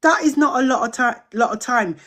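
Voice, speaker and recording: A woman's voice: on the high side, fairly quick, a bit bright. Chatty middle-aged woman hosting a live Q&A. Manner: chatty, repeats phrases, reads out comments and welcomes viewers. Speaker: host of a community drop-in. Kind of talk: live-streamed Q&A chat.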